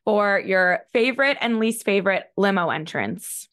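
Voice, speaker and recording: A woman's voice: mid-range voice, expressive, normal speed, fairly bright tone. A woman hosting a casual interview, asking chatty, upbeat questions. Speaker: podcast host.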